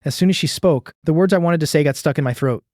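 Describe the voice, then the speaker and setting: Fast, dry-voiced male storyteller. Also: a little high, darkish tone, no room sound. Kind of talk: first-person scripted narration.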